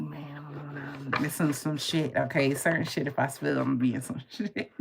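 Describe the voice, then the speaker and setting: A woman's voice: rumbling low, creaky, background noise. A woman livestreaming from home at night, telling a story casually with lots of swearing and laughter, keeping her voice down so she does not wake anyone. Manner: animated, profane, laughing as she tells it; holding her voice down so as not to shout. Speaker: tarot reader and livestream host. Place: home at night with others asleep.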